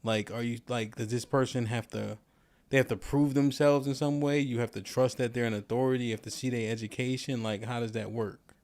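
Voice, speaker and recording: A man's voice: medium pitch, steady tone, darkish tone. Man host asking probing questions. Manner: probing questions, halting restarts. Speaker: podcast host. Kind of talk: casual discussion.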